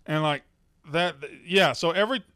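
A man co-hosting a casual movie review chat, rambling and acting out scenes with loud impressions. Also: on the high side, normal speed, dry recording, clean studio sound. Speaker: podcast co-host.

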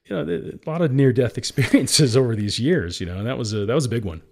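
A man speaks in a candid, emotional way as an interview guest, laughing now and then and choking up a little. His voice has an everyday middle pitch, and he tells his story in a loose, conversational way. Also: animated, fast talker, gravelly, darkish tone. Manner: emotional, laughs often, calls the host "guy". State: teary. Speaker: guest entrepreneur.

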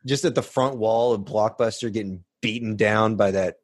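A man co-hosting a casual podcast, rambling and animated as he tells stories. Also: fairly low pitch, moderate pace, no room sound. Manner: rambling, restarts, animated storytelling. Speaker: podcast co-host. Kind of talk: casual chat.

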